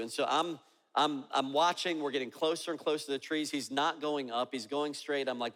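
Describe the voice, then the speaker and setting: A man's voice: fairly high pitch, brisk, fairly bright tone, a little hiss or hum. A man preaching a sermon, telling a story and acting out both sides of the dialogue. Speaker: pastor. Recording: long reverb of a large hall.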